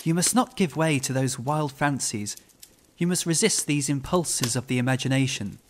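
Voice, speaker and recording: A man voicing a calm clergyman scholar in a dramatic reading of a classic ghost story, soothing and mildly chiding. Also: medium pitch, normal speed, a little hiss or hum, lightly acted.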